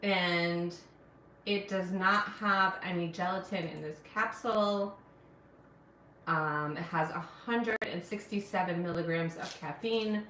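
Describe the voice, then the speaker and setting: A woman from Afghanistan hosts a relaxed cooking live stream at her own unhurried pace. Her voice is bright and forward, and it sounds set back from the mic in an echoey kitchen. She chats easily and answers viewers as they comment. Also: on the low side, distant mic, a little hiss or hum. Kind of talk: casual live-stream chat while cooking. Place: home kitchen.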